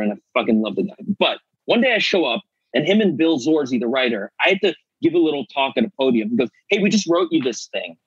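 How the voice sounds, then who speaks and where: A middle-aged man, an actor guest, telling animated stories in casual chat and acting out the voices of people he quotes. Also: medium pitch, husky, dry recording, muffled recording. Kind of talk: casual storytelling.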